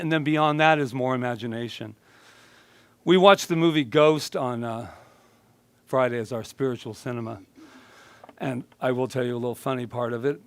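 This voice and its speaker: A man minister delivering a loose, conversational sermon, joking and laughing between points. His voice sits a little higher than most men's and sounds close and dry, with hardly any room echo. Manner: playful, chatty, laughing often. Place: church sanctuary.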